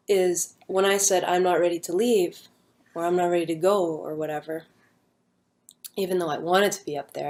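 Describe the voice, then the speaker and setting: Low-voiced woman, rambling and earnest. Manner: rambling, filler-heavy, hushed and earnest. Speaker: storyteller recounting a near-death experience. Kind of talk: casual personal testimony.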